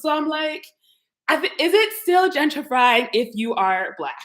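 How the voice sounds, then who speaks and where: A young woman chats on a live stream as she walks through her modern apartment, playful and talking straight to her viewers. Her voice sits at an everyday pitch, and the rooms around her have a noticeable echo. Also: big pitch swings, moderate pace, fairly bright tone. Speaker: YouTuber giving an apartment tour. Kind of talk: casual live-stream chat. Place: modern open-plan apartment, indoors. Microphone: camera mic, walking through rooms.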